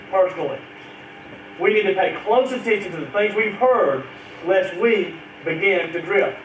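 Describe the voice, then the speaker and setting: A man's voice: sits high, slight background noise. A man preaching a sermon to children and parents, speaking earnestly and drawing out key phrases. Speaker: pastor. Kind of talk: sermon to a church congregation. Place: church sanctuary. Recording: echoey church recording from far off.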